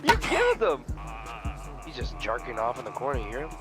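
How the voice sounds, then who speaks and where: Jumpy young man with wild pitch swings. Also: huge pitch swings, a little fast. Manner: jumpy, shrieks in fright then mutters. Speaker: gaming video host. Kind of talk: profane let's-play commentary. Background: background music.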